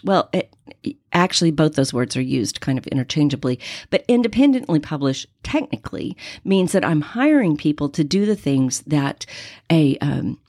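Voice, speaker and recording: A woman's voice: low-pitched, moderate pace, dry recording, studio quality. A woman in her sixties, a podcast host telling personal stories in a faith-based podcast monologue. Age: 60s. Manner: animated personal storytelling.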